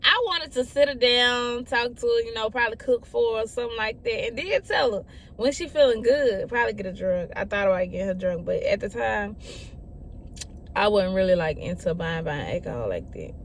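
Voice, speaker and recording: Chatty young woman with a high voice. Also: expressive, brisk, slight background noise. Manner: chatty, repeats phrases, often addresses listeners as y'all. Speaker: storyteller vlogger. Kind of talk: casual storytime chat.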